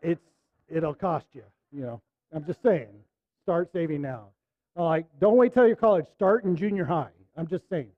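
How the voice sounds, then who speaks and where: A middle-aged man preaching a sermon, telling a personal story in a conversational way, dropping to soft asides and rising to emphatic bursts. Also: a little high, expressive, normal speed, no echo, phone-quality sound. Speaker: pastor.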